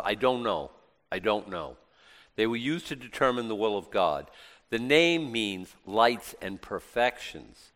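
A man's voice: on the low side, long reverb tail. Man teaching scripture with casual asides. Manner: reads verses loudly, comments in asides, casual and sarcastic. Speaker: Bible teacher. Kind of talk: Bible study teaching, reading scripture aloud.

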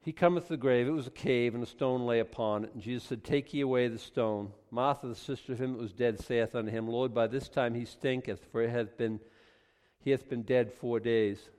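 Guy preaching a sermon, reads bible verses then riffs, gets loud and emphatic, long echo like a church hall. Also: medium pitch, steady tone, a little fast, clear, resonant tone. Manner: reads scripture aloud and comments, rising to loud emphatic passages.

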